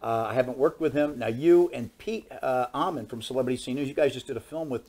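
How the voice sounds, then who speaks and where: A man hosting a live studio interview, chatty and quick to laugh as he asks questions. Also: medium pitch, a crowd in the background. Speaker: interviewer and host.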